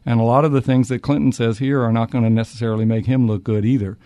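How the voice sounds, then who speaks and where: A man's voice: mid-range voice, steady tone, fast talker, warm tone, dry recording. A man, an author answering interview questions with many restarts and fillers. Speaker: author and historian.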